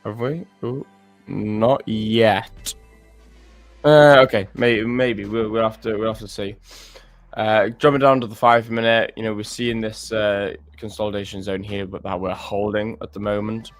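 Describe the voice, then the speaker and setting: A man's voice: fairly low pitch, fairly even intonation, a little slow, no room sound, faint music behind. A man hosting a live trading stream, chatting casually and joking while he stammers and restarts as he walks through charts.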